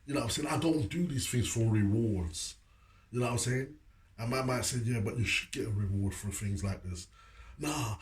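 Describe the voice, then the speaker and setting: A man's voice: mid-range voice, a little mellow, roomy sound. A man talking earnestly to camera about a personal story, often asking "you know what I'm saying". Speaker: motivational video maker. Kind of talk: heartfelt personal talk to camera.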